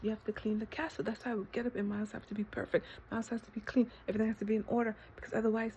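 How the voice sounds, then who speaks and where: In an emotional self-talk monologue, a woman vlogger swears, repeats herself, drops now and then to a whisper, and restarts haltingly when overwhelmed. Her voice is on the high side with little pitch movement and a darkish tone, plus a little background hiss or hum.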